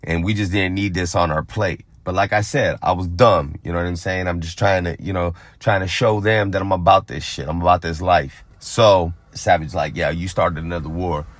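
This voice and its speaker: Low-voiced man telling a profane street story. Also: moderate pace, few pauses, no echo. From Phoenix, Arizona. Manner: profane, animated, acts out other people's lines. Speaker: storyteller on a vlog channel.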